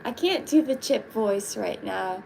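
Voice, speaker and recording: A woman's voice: mid-range voice, animated, measured pace, gravelly, a little mellow, slight background noise, low-quality recording. A woman chatting casually on a live stream while painting her nails, giggly and full of fillers. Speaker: livestreaming vlogger.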